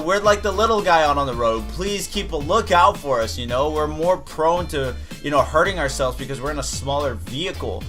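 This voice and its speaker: A young man casually telling a profane story and acting out the other people in it. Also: fairly high pitch. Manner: animated, profane, acts out other drivers. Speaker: gaming video creator.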